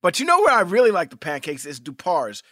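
A man talks in a high, lively voice that jumps all over the place as he co-hosts a podcast. He is loud and excitable and swears freely. The sound is dry and close, with no room around it. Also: brisk, dry recording. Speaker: podcast co-host. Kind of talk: casual chat.

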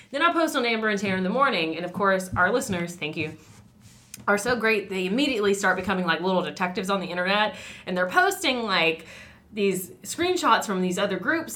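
Bright-voiced woman telling a story. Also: mid-range voice. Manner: animated storyteller. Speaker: radio host. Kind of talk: casual podcast chat.

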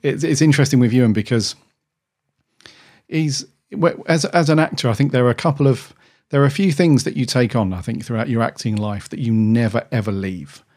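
This man co-hosts a podcast in a brisk, medium-pitched voice with a darkish tone. The casual chat wanders, full of restarts and repeated "dude."

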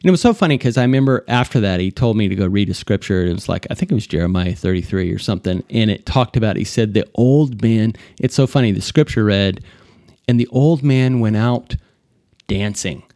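A man's voice: fairly low pitch, normal speed, no room sound. Man telling a faith story, dry sound. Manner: rambling, animated storytelling with frequent fillers. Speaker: podcast host. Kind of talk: casual spoken testimony.

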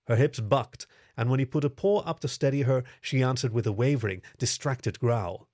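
A man reading a story aloud in steady, even scripted narration. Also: medium pitch, normal speed, dry recording, studio quality.

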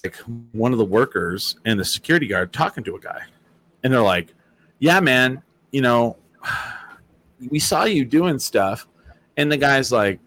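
A man hosting a casual chat. He tells stories in a lively, profane way and acts out what people said. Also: mid-range voice. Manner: animated, profane storytelling with acted-out quotes. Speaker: host.

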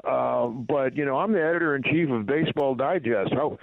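A gravelly, medium-pitched voice at normal speed, with no echo, belongs to a middle-aged radio guest. He was once a baseball PR director and tells rambling stories over a tinny, dry phone line, with plenty of fillers and restarts.

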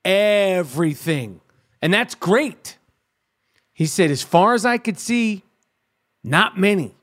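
A middle-aged man with a fairly high voice hosts a podcast. He rants in a crude, profane, animated way, with the heated rhythm of a comedic monologue. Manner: animated, crude, rapid-fire ranting with swearing. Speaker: podcast host.

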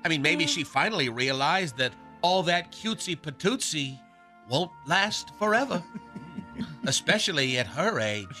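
A man's voice: fairly high pitch, lively intonation, normal speed, sharp tone. Snarky mock-dramatic male radio host. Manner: theatrical and snarky, chuckling through lines. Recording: music bed behind.

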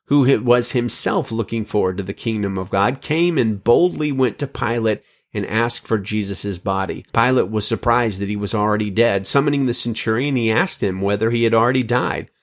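A man preaching a sermon, reading scripture and quotations in an earnest, measured way with emphatic phrasing. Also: on the low side.

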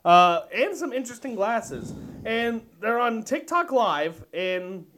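A man's voice: very high voice, big pitch swings, takes it slowly, bright, forceful tone, slight background noise. A man co-hosting a casual podcast, reacting to clips with crude jokes and frequent laughter. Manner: crude, joking, laughs often. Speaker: podcast co-host.

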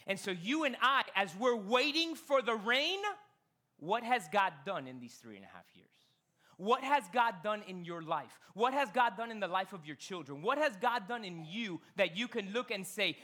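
High-pitched, bright-voiced pastor preaching. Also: male voice, moderate pace. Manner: animated storytelling, acts out Bible characters; slips into Spanish phrases. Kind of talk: sermon. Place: church.

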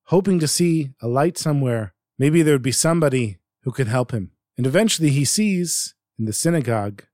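A man narrating a folktale in an expressive, dramatic storytelling manner. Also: mid-range voice, fairly quick, no echo, clean studio sound.

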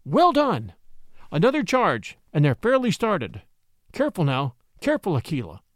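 A man voicing a young boy raised by wolves, urgent and quick to give orders in an audiobook story. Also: high-pitched, very animated, dry recording, clean studio sound.

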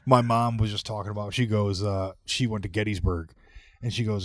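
A man's voice: lowish voice, fairly quick, no room sound, studio quality. A man co-hosting a podcast, swearing a lot and acting out other people's lines as he retells stories. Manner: mimics others in quoted retellings, swears often. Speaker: podcast co-host. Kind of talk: crude casual banter.

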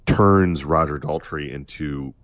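Very deep-voiced man chatting about music. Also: takes it slowly, a bit bright. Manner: hesitant, many restarts and fillers. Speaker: podcast co-host. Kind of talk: casual music discussion.

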